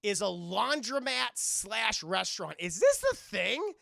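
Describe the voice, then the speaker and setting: A man recapping a film for his live-stream chat in a rambling, excitable way, swearing a lot and restarting often. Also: high-pitched, unhurried, gravelly, no room sound, clean studio sound.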